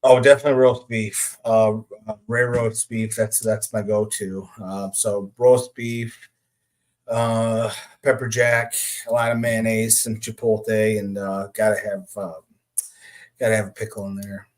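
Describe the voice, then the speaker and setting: Easygoing guy in his 40s, kinda low voice, chatty guest, laughs a lot. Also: flat delivery, unhurried. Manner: easygoing, laughs often, hesitant fillers. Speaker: guest, comic creator. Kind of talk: casual interview chat.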